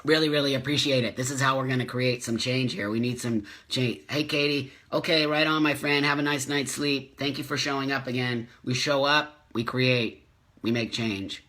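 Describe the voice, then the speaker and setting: A man's voice: mid-range voice, fairly even intonation, normal speed, bright, forceful tone. Passionate man ranting on a live stream. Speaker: host of a live community video chat. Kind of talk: casual live-stream talk, reading viewer comments.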